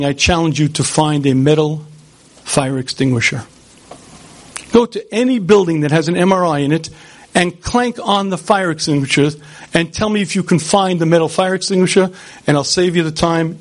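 A man giving a Torah lecture, animated and rhetorical, speaking straight to his audience. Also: a little high.

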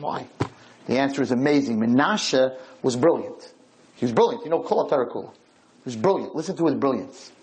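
A man teaching an animated Torah class, telling stories dramatically and dropping suddenly to a hush. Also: fairly high pitch, poor audio.

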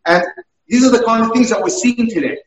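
A man's voice: extremely high pitch, fairly quick, dull audio. A man who works as a dating mentor, telling case stories one after another. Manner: storytelling through examples. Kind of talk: talk. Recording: roomy, from far off.

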